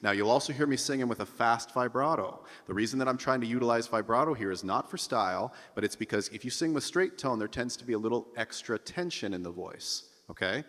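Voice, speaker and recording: A man teaching a singing lesson, explaining techniques between high vocal demonstrations and checking in with his students. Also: fairly quick, hardly any pauses, a bit bright, big-room sound. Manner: sings high falsetto vowel drills between explanations; encouraging, checks in with "okay?". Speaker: vocal coach.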